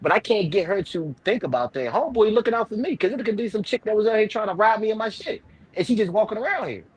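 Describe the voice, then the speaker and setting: A man with a fairly high voice hosts a casual live panel and tells a profane story from home. His delivery is animated and jumpy, and his pitch leaps up and drops low as he acts out each moment. He sounds a little drunk. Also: quick pace, breathy edge, no echo, low-quality recording. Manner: animated, profane, swings loud and quiet while telling stories. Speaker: live show panel host.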